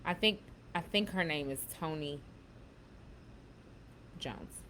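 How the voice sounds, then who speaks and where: A woman's voice: low voice, takes it slowly, fairly bright tone, slight background noise. Woman host chatting loose then reading affirmations hard, self-help vibe. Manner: chatty, reads affirmations with emphasis, says "baby" and "y'all". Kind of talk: casual spoken self-help talk.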